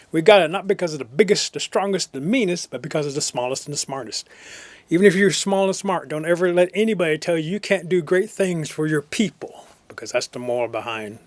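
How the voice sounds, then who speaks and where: Slow, rhythmic male storyteller. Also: fairly high pitch, no echo. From Cherokee Nation, Oklahoma. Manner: rhythmic, slows for emphasis. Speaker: traditional storyteller. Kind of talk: oral storytelling.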